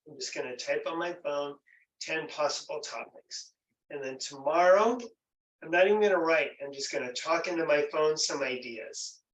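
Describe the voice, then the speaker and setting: A man leading a stress workshop in a gentle, encouraging, conversational way. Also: a little high, echoey room, far from the mic, rough recording. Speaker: workshop presenter. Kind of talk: online workshop teaching.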